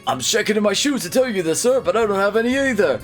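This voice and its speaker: A man voicing a nervous, bumbling male henchman in a game, fawning and rattling the lines off quickly. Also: sits high, expressive, faint music behind, pitched above the performer's own voice.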